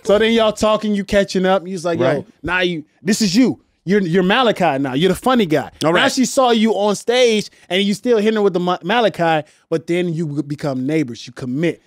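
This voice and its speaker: Animated high-voiced comic man. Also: brisk, hardly any pauses, no room sound, studio quality. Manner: animated, acts out voices, laughs a lot. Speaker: podcast co-host. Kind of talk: casual comedic chat with acted-out scenes. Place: podcast studio.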